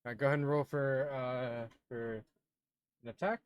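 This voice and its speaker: A game master running a tabletop game in a casual, excitable way, with loud outbursts and laughter. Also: mid-range voice, moderate pace, clear, resonant tone, lo-fi sound. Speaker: dungeon master. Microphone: streaming microphone.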